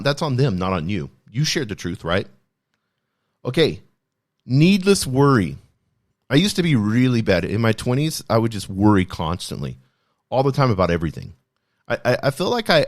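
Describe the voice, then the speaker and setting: A man in his thirties hosting a solo self-help podcast, talking in an earnest, conversational way with many restarts. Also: medium pitch. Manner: earnest, conversational, repeats "you know" and restarts. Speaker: podcast host. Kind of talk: solo motivational podcast talk.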